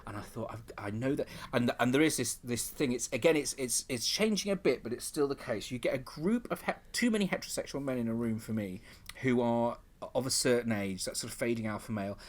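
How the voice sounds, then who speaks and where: A middle-aged man, a comedian guesting on a chat podcast, spins lively, bawdy anecdotes. His voice sits at an ordinary middle pitch, and his delivery is animated. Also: fairly quick.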